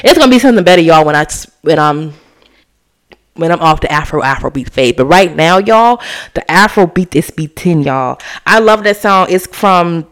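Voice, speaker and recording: A woman hosting a casual solo podcast, animated and chatty, slipping into slang and cussing. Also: sits low, a little slow. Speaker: podcast host.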